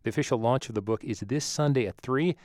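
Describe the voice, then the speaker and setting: A man's voice: medium pitch, fast, a little mellow, no room sound, studio quality. A man hosting a radio show, introducing a guest and asking probing questions in a conversational way. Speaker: radio host. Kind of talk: radio interview. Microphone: studio mic.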